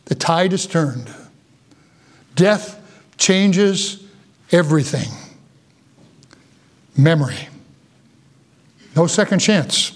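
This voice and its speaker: A male pastor preaching a fervent sermon, sinking low and quiet for solemn warnings and rising when urging his hearers. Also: lively intonation, drawn-out words, pauses often.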